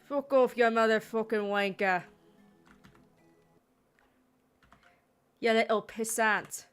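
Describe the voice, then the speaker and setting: A woman's voice: medium pitch, completely flat delivery, normal speed, fairly bright tone, clean tone, lightly acted. A woman putting on a foul-mouthed, angry drunk bloke who snarls insults. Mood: snarling. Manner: snarling insults, coarse slang.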